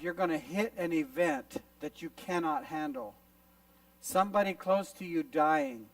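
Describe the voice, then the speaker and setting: High-voiced, animated male youth preacher. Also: gravelly, no room sound, distant mic, rough recording. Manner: animated storyteller who acts out little scenes. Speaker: youth conference speaker. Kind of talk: youth sermon with visual illustrations. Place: camp meeting hall.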